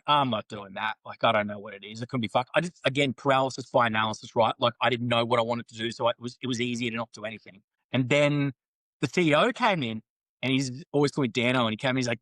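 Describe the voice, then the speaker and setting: A man talks at a brisk clip, blunt and full of swearing, slipping into the voices of the people in his anecdotes. His middling voice sits close and dry on the mic. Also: medium pitch, fairly bright tone, no room sound, poor audio. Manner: candid, sweary, quotes others in banter. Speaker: podcast guest. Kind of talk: casual storytelling interview.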